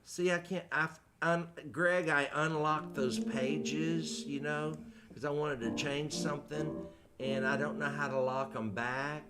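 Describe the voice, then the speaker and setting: A man's voice: fairly high pitch, steady tone, unhurried, over loud music. A man hosting a casual livestream, chatty and joking at his own expense. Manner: chatty, joking, self-deprecating. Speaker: host.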